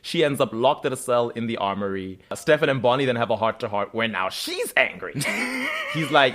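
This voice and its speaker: Man animatedly recapping a show. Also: medium pitch. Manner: animated retelling with quick voiced asides. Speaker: podcast co-host. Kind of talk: casual recap chat.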